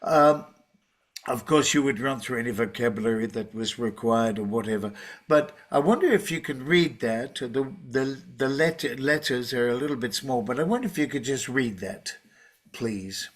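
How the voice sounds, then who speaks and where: A man leading a teacher-training workshop, explaining in a measured way with frequent fillers and restarts. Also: medium pitch. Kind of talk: online workshop talk.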